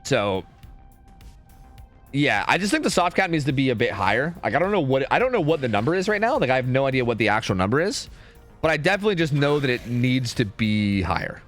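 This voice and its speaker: Rambling young male streamer, lively pitch. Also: a little fast, soft background music. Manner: rambling, full of "like" and "dude", swearing. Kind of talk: casual rant to a stream.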